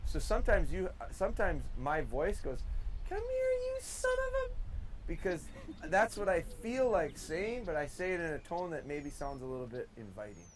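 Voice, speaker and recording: A man's voice: a little high, animated, normal speed, crowd noise, poor audio. Folksy man giving dog training tips. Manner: folksy, demonstrating commands in varied tones. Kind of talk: outdoor training talk. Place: outdoors in a field.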